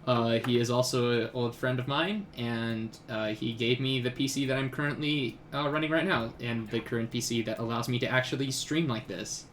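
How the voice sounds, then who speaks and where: A man's voice: mid-range voice, normal speed, hardly any pauses, noisy background. A young man hosting a live stream while he draws. He chats casually and rambles, with many ums and restarts. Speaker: streamer and artist.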